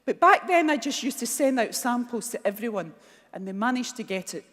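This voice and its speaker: A middle-aged Scottish woman giving a keynote speech, telling blunt, animated stories and acting out the dialogue. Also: on the high side, fairly quick. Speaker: keynote speaker. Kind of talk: motivational keynote storytelling. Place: large conference hall. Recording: long hall reverb.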